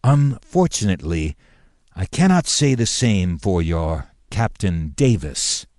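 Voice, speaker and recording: A man voicing a formal, indignant male governor who speaks in a measured way with pointed emphasis. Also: low voice, big pitch swings, a little mellow, dry recording, studio quality, exaggerated voice.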